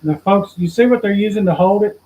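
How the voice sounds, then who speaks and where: A man's voice: high voice, fairly quick, mellow. An older man hosting a casual home cooking video, folksy and joking as he talks to the viewers. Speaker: host. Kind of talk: casual chat addressing viewers. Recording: dull lo-fi sound with faint noise.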